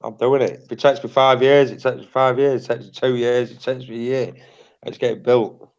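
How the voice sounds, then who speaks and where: A British man hosts a livestream in casual chat, speaking bluntly and repetitively and swearing freely in British English. His medium-pitched voice has little pitch movement, moves a little fast, and the sound is lo-fi.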